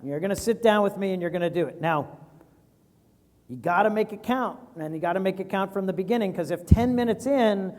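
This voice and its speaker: An animated man in his forties talks casually about investing and acts out little quoted exchanges. His voice sits high, and it rings in a big echoey hall. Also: a little fast. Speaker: venture capitalist guest. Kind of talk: animated fireside chat.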